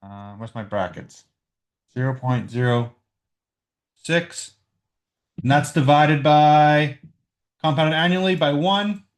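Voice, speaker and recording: Man teaching math over his microphone, fairly high voice. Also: slow pace, pauses often. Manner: talks through calculations aloud, checking with "right?". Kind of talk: recorded lesson walkthrough. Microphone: computer microphone.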